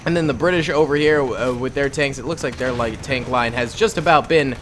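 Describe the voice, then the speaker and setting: A young man casually commentating a war simulation game, jokey and excitable with rambling asides. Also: mid-range voice, a little fast, faint music behind. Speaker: gaming YouTuber. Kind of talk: let's play commentary.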